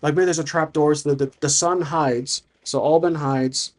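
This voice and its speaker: A man's voice: fairly high pitch, fairly even intonation, moderate pace, darkish tone. A man narrating a solo tabletop campaign as game master, thinking aloud with frequent restarts.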